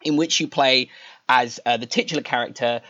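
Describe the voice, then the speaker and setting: A young man hosts a casual podcast chat in a voice of middling pitch. He leads the talk in an easygoing, chatty way and pokes fun at his own show. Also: normal speed, bright, forceful tone, muffled recording. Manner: chatty, self-deprecating, leads the discussion. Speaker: podcast host.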